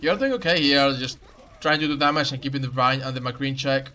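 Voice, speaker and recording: Bright-voiced man coaching a game replay. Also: medium pitch, fairly quick. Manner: instructive, repeats key advice. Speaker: game coach reviewing a match. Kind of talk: coaching commentary over gameplay.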